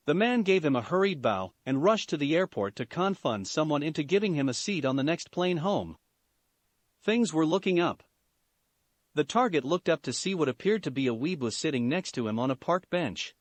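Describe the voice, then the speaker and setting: A man reads fan fiction aloud with expressive delivery. His voice is slightly high and rises and falls a lot. The recording is dry and close. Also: moderate pace, no echo. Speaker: story reader.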